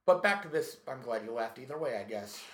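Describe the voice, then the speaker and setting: Man telling a profane, animated story. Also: mid-range voice, a little fast. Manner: profane, animated, tells stories with acted quotes. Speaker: stand-up comedian telling a story. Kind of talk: casual storytelling chat. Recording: echoey room.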